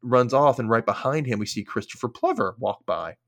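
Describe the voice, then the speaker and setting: A man's voice: medium pitch, lively intonation, fairly quick, fairly bright tone. A man hosting a podcast, casually recapping a TV episode in a chatty way, full of filler words and casual swearing. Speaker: podcast host.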